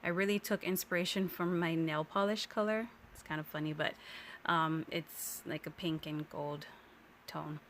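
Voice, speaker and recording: Woman, low-pitched, casual crafting tutorial voice-over, chatty, easygoing. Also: steady tone, moderate pace, fairly bright tone, slight background noise. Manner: chatty and easygoing, with small self-corrections. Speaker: card-making tutorial host. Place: home craft room.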